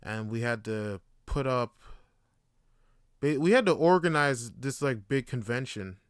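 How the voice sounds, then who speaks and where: A man's voice: mid-range voice, unhurried, clean tone, no echo, clean studio sound. Profane young man telling stories. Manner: profane, laughing, animated storytelling. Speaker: podcast host. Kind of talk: casual solo podcast storytelling.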